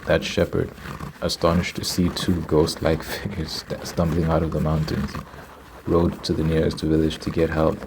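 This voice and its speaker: A man's voice: a bass voice, completely flat delivery, moderate pace, gravelly, background noise. A man doing whispered ASMR storytelling, reading a story aloud and stopping to react to it. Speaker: ASMR creator.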